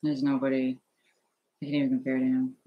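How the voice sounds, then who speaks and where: A man's voice: medium pitch, completely flat delivery, highs cut off. A young man in a personal vlog, talking in a nervous, hesitant, rambling way, full of fillers and restarts, recorded on an earphone headset at home. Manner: halting, rambling, filler-heavy. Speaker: vlogger.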